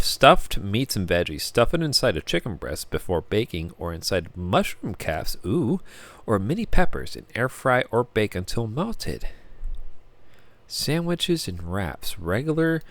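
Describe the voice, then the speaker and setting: A man's voice: on the low side, a bit bright. A man chatting casually in a vlog, hesitant and rambling with many fillers as he reads web pages aloud. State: hiccuping. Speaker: vlogger.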